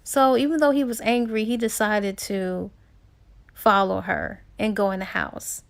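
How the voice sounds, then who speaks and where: Gravelly-voiced woman chatting through a book. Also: mid-range voice, fairly even intonation, unhurried. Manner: chatty, filler-heavy with "he was like". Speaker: book reviewer. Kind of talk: casual retelling of a novel's plot.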